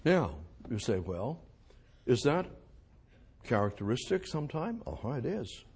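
A man preaching an expository sermon, reading scripture aloud and moving between hushed, slow phrases and loud emphatic lines. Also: mid-range voice, sing-song, a little hiss or hum.

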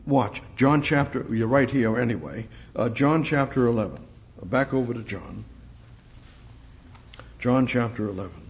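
A man preaching a sermon and reading scripture aloud, who repeats his phrases, questions his listeners, and swings between loud exclamations and quiet asides. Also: medium pitch, a little slow, pauses often.

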